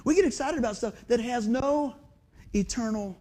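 A middle-aged man preaching a sermon, folksy and animated, full of rhetorical questions. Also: extremely high pitch, moderate pace. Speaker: pastor.

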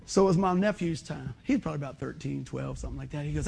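A middle-aged man preaching a sermon in a folksy, animated way, acting out other people's voices. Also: a little high, quick pace, gravelly, slightly rough. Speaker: pastor.

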